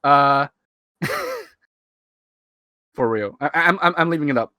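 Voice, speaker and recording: Taking it slowly, a Hong Kong man in his twenties speaks in a fairly high, pushed and bright voice as he streams commentary on his old video. He rambles and chuckles self-mockingly, his Hong Kong English accent leaning half-American, through a cheap USB mic. The audio has no echo and sounds studio quality.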